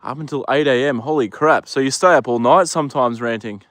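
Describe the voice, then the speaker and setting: Relaxed Australian man streaming outdoors. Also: mid-range voice, brisk, no room sound. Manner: relaxed, chatty, talks gently to horses. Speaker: livestreamer. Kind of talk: casual livestream chat. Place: outdoor paddock. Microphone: phone.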